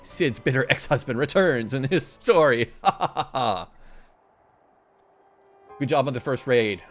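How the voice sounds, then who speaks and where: A man's voice: medium pitch, lively intonation, unhurried, soft background music. A man streaming a game, chatting casually and teasing his chat, voice getting tired. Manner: playful, teasing, laughing often.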